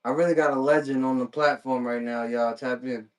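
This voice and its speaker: A man's voice: medium pitch, steady tone, brisk. A man from the United States hosting a podcast, mostly giving short replies and laughs, with hype asides to his listeners. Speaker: podcast host. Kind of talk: casual interview chat.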